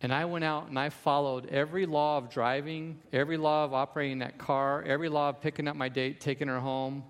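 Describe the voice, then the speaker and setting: A man's voice: fairly high pitch, fairly even intonation, brisk, few pauses, clean tone, long reverb tail. A man preaching a sermon as pastor, emphatic, with repeated refrains.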